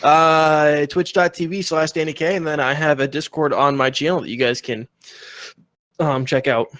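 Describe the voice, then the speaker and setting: A man's voice: fairly high pitch, steady tone, normal speed, fairly bright tone, no echo. Laid-back male stream guest. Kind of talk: casual stream chat.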